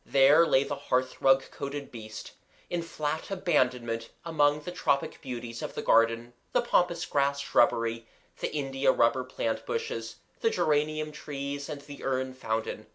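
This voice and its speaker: An audiobook reader giving scripted narration with expressive, lively storytelling. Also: medium pitch, measured pace.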